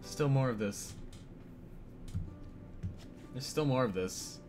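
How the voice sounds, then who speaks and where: A man's voice: medium pitch, takes it slowly, pauses often. A man streaming live, reacting to the video with exclamations and greeting viewers in chat. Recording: music playing behind.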